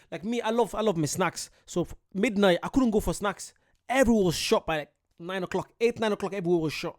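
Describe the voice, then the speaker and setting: Guy doing a reaction vid, kinda high voice, gets excitable and repeats himself. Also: fairly quick. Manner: excitable, repeats words when worked up. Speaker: reaction video host. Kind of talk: casual reaction commentary.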